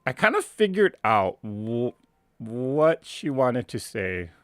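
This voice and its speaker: A man's voice: medium pitch, sing-song, takes it slowly, a bit bright, no echo. A man hosting a live stream, casually telling a family anecdote in a rambling, self-correcting way and chuckling at his own story. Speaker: host.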